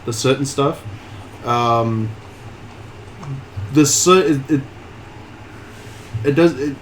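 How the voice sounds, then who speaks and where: A man runs a tabletop game, pausing often and restarting his sentences as he describes each scene. His voice sits at an ordinary middle pitch. A clear hiss of noise runs under a home stream recording. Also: low-quality recording. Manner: halting, full of fillers and restarts. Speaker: game master.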